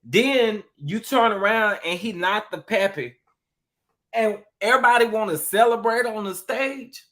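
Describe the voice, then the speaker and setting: A co-host in casual reality TV recap chat, animated and slangy, often laughing. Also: medium pitch, measured pace.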